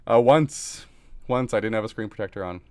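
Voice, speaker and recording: A man co-hosting a podcast in casual chat, easygoing and quick to laugh. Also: lowish voice, clear, resonant tone, no echo. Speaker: podcast co-host. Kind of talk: casual chat, reading a sponsor plug.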